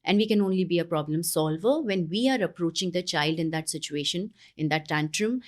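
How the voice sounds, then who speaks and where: A woman's voice: fairly low pitch, a little fast. Earnest woman with Indian English accent. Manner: earnest, animated when acting out parent moments. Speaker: parenting guest expert. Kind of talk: explanatory interview talk.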